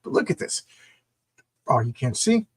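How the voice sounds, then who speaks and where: A man's voice: mid-range voice, sing-song, moderate pace, husky. A middle-aged man reviewing comic books in a casual, enthusiastic, rambling way. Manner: enthusiastic, rambling, repeats words.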